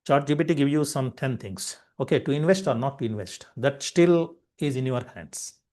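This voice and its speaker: A man's voice: mid-range voice, moderate pace, dark tone. A man giving a spiritual lecture, explaining each point through repeated everyday examples. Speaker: spiritual teacher.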